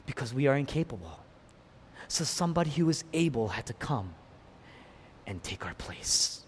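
A man preaching a sermon, swinging from hushed lines to loud, dramatic ones. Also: mid-range voice, big pitch swings, normal speed, long pauses, a little hiss or hum. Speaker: pastor. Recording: long hall reverb.

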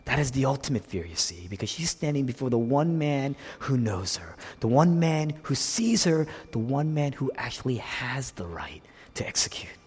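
A man preaching a sermon as pastor to his congregation, dropping to hushed whispers and then rising to loud, emphatic lines. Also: medium pitch, sing-song, normal speed, husky. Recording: long hall reverb.

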